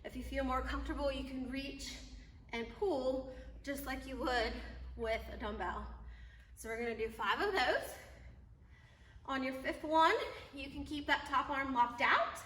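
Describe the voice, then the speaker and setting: Female fitness coach, clear step-by-step cues while moving, echoey room. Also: sits high, a little slow, pauses often, fairly bright tone. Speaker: fitness trainer. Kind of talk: workout demonstration instructions. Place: gym. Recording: echoey gym, mic at a distance.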